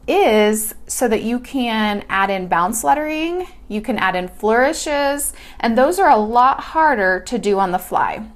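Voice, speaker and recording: A woman gives a relaxed, hands-on lettering tutorial, chatting as she works through a sketch. Her voice sits a little on the higher side, and her tone is friendly and informal. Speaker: lettering teacher.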